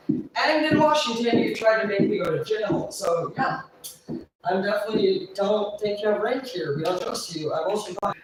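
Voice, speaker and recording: A woman's voice: medium pitch, distant mic. A woman livestreaming, venting in a long profane rant, a little tipsy. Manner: profane, agitated, rapid venting. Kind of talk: ranting livestream storytelling. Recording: echoey room, voice off-mic.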